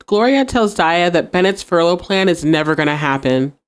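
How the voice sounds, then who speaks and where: A young woman with a slightly low voice talks through a TV episode for her podcast. She keeps things casual and animated. She laughs easily and slips into the characters' lines as she goes. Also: measured pace. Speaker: podcast host recapping a TV episode. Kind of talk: casual recap with acted-out quotes.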